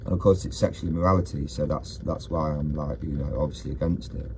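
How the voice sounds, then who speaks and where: A man's voice: very deep voice, steady tone, fast talker, a little mellow, a little hiss or hum. A man, ranting in a rambling casual video monologue, often breaking off mid-sentence. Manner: rambling, self-interrupting rant. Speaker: vlogger.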